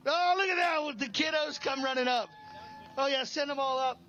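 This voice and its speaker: A man in his forties, a loud, joking trackside interviewer at a race finish, heard through dull lo-fi livestream audio. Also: very high voice, moderate pace, a little hiss or hum. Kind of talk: excited post-race interview. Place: outdoors at a desert race finish.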